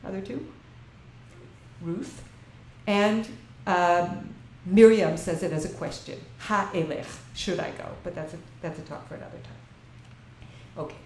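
A woman's voice: fairly low pitch, measured pace, long pauses, a little mellow. A woman teaching a Bible class to an audience, asking them questions and reading verses in Hebrew before translating them. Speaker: lecturer. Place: lecture room with an audience. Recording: echoey room with faint ambient noise.

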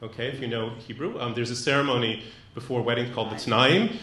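A man's voice: medium pitch, quick pace, fairly bright tone. A man giving a live lecture to an audience in a room. He talks thoughtfully, with many fillers and restarts. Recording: echoey room.

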